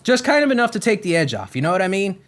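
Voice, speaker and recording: A man's voice: sits high, sing-song, very fast. A man from Florida hosting a podcast, ranting in a profane, sarcastic, rambling comedic style. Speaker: podcast host. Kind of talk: comedic rant.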